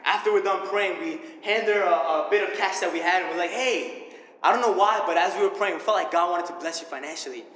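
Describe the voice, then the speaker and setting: Young man, preacher, high bright voice, energetic, echoey hall. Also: a little fast. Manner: energetic, animated, laughs often. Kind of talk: sermon with personal stories. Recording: echoey hall with faint ambience.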